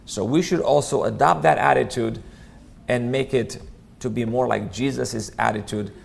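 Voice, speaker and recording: A church teacher leads a Bible study in an earnest, conversational manner, frequently restarting his sentences. He speaks at a moderate pace with a medium-pitched voice and vocal fry.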